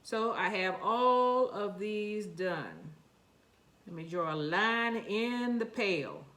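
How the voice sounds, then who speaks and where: A woman's voice: mid-range voice, sing-song, slow, fairly bright tone. A woman with a New York accent, chatting to herself and her seeds while planting them in a casual gardening vlog. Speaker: gardening vlogger.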